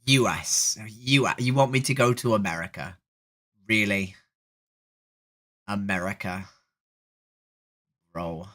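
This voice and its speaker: Sweary bright-voiced woman streamer. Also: very deep voice, slow, long pauses. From Leeds, England. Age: 30s. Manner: blunt, sweary, animated. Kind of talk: casual video-chat streaming.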